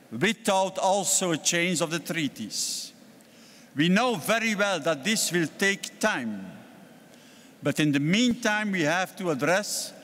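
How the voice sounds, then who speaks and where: Speaking as party president, an older Belgian-accented man addresses a large congress hall, whose long reverb carries his voice. His pitch is a little high for a man and his tone fairly bright. He delivers the formal speech in a measured, deliberate way, stressing key words emphatically.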